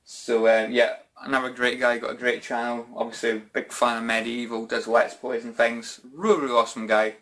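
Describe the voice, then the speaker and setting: A Scottish man chats casually through viewer questions on his channel. His talk is loose and informal, peppered with "bloody" and "mate", in a voice of ordinary middle pitch. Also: little pitch movement, brisk, hardly any pauses, fairly bright tone. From Scotland. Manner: chatty and informal, says "bloody" and "mate" a lot. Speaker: YouTube gaming channel host. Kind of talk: casual Q&A vlog chat.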